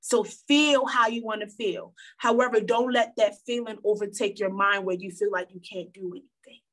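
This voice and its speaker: A woman's voice: medium pitch, steady tone, moderate pace, fairly bright tone. A young woman giving an earnest motivational talk with a preachy tone, repeating phrases for emphasis. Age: young adult. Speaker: guest speaker.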